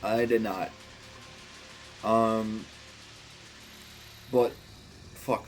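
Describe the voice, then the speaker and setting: A man casually ranking horror films, speaking bluntly, swearing often and getting excited about what he likes. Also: on the low side, extremely slow, long pauses, faint music behind. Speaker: movie reviewer. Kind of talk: casual film ranking monologue.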